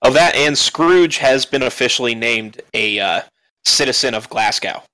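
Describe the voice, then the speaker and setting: A man's voice: medium pitch, animated, moderate pace, pushed and bright, rough recording. A man co-hosting a casual podcast chat, adding short remarks and recalling details hesitantly. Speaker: podcast co-host.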